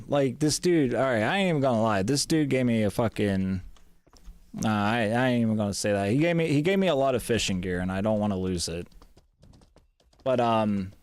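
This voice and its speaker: A man chats through a live game stream in a close, dry-sounding recording. He grumbles and swears freely, jumping from loud complaints to low muttering, with a middle-pitched, everyday voice. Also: no room sound. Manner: grumbling, profane, swings between loud gripes and mutters. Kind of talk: live gameplay chat.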